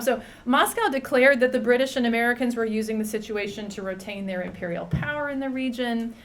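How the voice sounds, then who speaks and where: A woman giving an academic history lecture in a conversational way, with frequent "um" fillers and restarts. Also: mid-range voice. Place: lecture hall.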